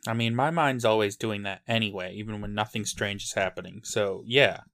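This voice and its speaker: A man's voice: lowish voice, brisk, fairly bright tone. A man co-hosting a podcast, chatting casually with wry, laid-back reactions. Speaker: podcast co-host. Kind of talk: casual chat.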